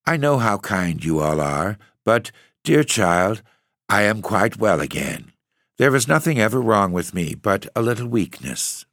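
Reading a storybook aloud, a man with a lowish, slightly bright voice takes on the part of a languid, dreamy young noblewoman who is weak and mysterious. She murmurs drowsily, half in a whisper. The audiobook reading sounds close and dry, with no room sound.

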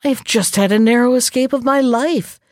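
A woman's voice: on the high side, a little fast, a little mellow, no echo, clean studio sound, pitched above the performer's own voice, lightly acted. Woman doing a sly storybook jackal. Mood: urgent. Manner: polite, scheming storybook voice. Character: sly cunning male jackal, smooth talker.

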